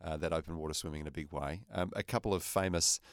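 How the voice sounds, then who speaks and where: A man's voice: very deep voice, fast, no echo, clean studio sound. A man hosting a radio interview, with many ums and uhs. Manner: hesitant, many fillers. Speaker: radio show host.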